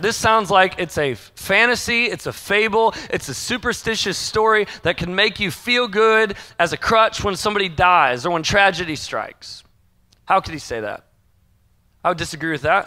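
A man preaching a church sermon in a high, bright voice. He talks conversationally, slipping into the doubting voices of his listeners as he goes. It is casual, relatable pulpit talk. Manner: conversational preaching, acts out quoted inner voices. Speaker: pastor.

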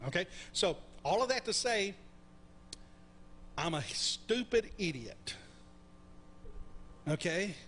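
This middle-aged pastor speaks slowly and pauses often, his high voice animated and a bit bright, with slight background noise in the sanctuary. His sermon is conversational, and he frequently turns to the congregation with questions.

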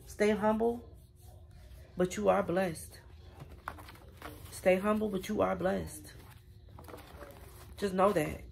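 A woman's voice: medium pitch, steady tone, slow, gravelly, pauses often, darkish tone, a little hiss or hum. A woman giving a casual spiritual reading, chatty and affirming, speaking straight to her viewers. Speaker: tarot reader.

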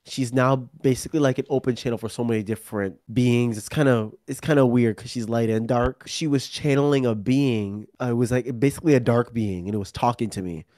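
Male podcast guest, mid-pitched, rambling chat with quoted asides, dry close sound. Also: a little fast, few pauses, a little mellow, dry recording. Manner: rambling, acts out his own quoted remarks. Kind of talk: casual interview talk.

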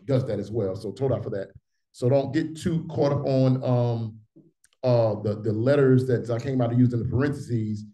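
A man teaching an online language class, explaining in a steady flow. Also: medium pitch.

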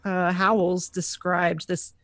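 A woman co-hosting a history podcast, narrating sources in a lively, easy-laughing manner with fillers. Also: lowish voice, slow pace, no room sound. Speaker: podcast co-host.

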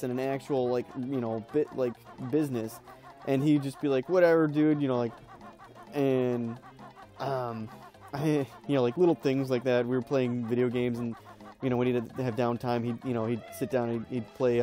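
Rambling laid-back gamer guy, mellow voice. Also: medium pitch. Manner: rambling, laughing storyteller with many fillers. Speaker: let's play host. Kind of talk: casual gameplay commentary.

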